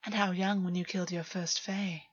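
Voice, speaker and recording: A woman's voice: on the low side, little pitch movement, normal speed, slightly rough, dry recording, highs cut off. A woman voicing a mocking, crooning fae man. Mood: crooning menace. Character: taunting cunning male fae man.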